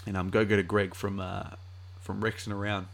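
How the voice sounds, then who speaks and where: A man's voice: fairly low pitch, little pitch movement, a little fast, vocal fry. A man chatting casually as a live streamer, rambling with many fillers.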